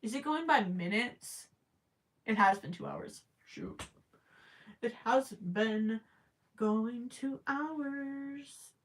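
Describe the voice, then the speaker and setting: A woman's voice: on the high side, extremely slow, pauses often. A woman hosting a crochet live stream, chatting casually and thinking aloud with stammering restarts, her voice cracking after hours of talking. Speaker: crochet livestream host.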